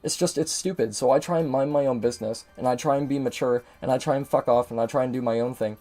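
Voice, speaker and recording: A man's voice: medium pitch, fast talker, mellow, faint music behind. A young man ranting in frustration and swearing freely while he plays a game and talks to his viewers. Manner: frustrated, profane venting. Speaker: gaming video host. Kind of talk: ranting commentary over gameplay.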